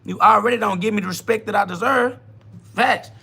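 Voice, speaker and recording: A man hosts a self-talk podcast, firing off a profane, combative rant. His voice sits a touch high and rings bright and forceful. He taunts and jabs with blunt certainty. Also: fairly quick, creaky, slightly rough. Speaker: podcast host.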